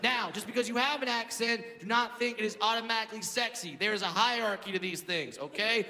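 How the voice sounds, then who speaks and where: A man performing a stand-up comedy routine, loud and animated, shouting his punchlines. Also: sits high, fairly quick. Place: live comedy venue with audience. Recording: live hall with crowd and background noise.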